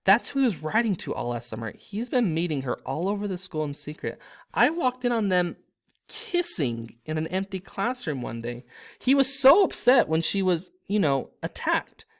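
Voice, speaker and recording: A man's voice: high-pitched, sing-song, moderate pace, pitched above the performer's own voice. A man voicing a shy, giggly young girl in a storybook reading.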